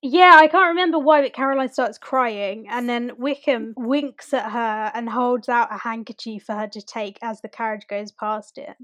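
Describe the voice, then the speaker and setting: A woman retelling a TV plot in loose, rambling casual chat. Her fairly high voice sits dry and close to the mic. She drops into the characters' lines as she goes. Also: moderate pace, hardly any pauses, a bit bright, no room sound. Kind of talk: casual chat recapping a TV series.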